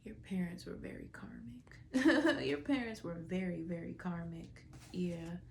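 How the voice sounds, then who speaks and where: A woman's voice: on the low side, creaky, darkish tone, slight background noise. A woman giving a casual tarot reading to viewers, with a stuffy nose, drawling through fillers and dropping into whispers. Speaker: tarot reader.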